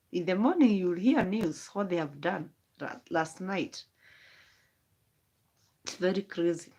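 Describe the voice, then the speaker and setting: Woman, mid-pitched; rambling, emotional late-night phone livestream. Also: breathy edge. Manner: rambling, emotional, wandering thoughts. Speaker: vlogger. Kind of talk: late-night live stream monologue.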